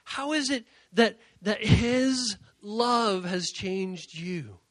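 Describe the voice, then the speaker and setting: A man giving an energetic youth sermon, animated, repeating his key points and acting out quoted voices. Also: sits high, extremely slow, dry recording. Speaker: youth speaker.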